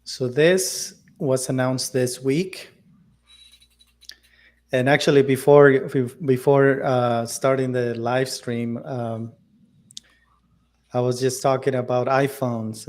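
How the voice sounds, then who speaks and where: A man's voice: medium pitch, steady tone. A man co-hosting a tech podcast, talking casually with many fillers and restarts. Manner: halting, many fillers and restarts, laughs often. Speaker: podcast co-host.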